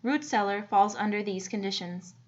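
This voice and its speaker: A woman's voice: mid-range voice, normal speed, dull audio. A young adult woman, a student, reading a prepared class presentation steadily as a voice-over. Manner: reads a prepared script steadily.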